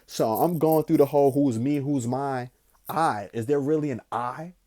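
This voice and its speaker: A young man casually telling a rambling story, slangy and profane, drifting between slow musing and excited bursts. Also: mid-range voice. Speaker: podcast host.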